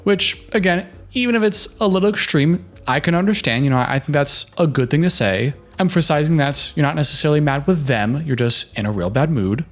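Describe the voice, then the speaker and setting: A man's voice: fairly high pitch, lively intonation, brisk, few pauses, a bit bright, faint music behind. A man doing casual reaction commentary, chatty and opinionated, giving relationship advice.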